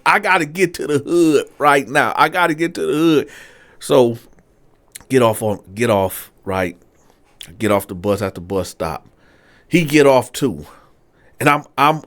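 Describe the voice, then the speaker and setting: A man casually telling a personal story, acting out the dialogue with big jumps in his voice. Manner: animated, acts out dialogue with big pitch jumps. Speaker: storyteller host.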